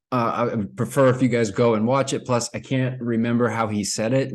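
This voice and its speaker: A man giving casual commentary to camera as a vlogger, rambling as he explains things. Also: mid-range voice. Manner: rambling, with many fillers and restarts. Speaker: crypto vlogger.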